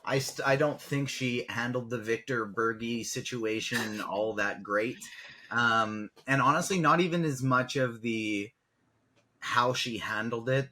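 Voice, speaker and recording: Casting: man podcaster, mid pitch, bright tone, hedging and thoughtful. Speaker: podcast co-host. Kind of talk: casual chat.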